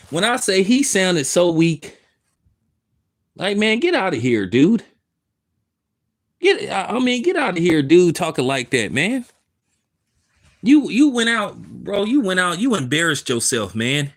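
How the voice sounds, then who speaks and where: A man's voice: high voice, big pitch swings, measured pace. A man giving emphatic, casual commentary, repeating himself for stress in street slang. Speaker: commentary host. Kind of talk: opinionated commentary.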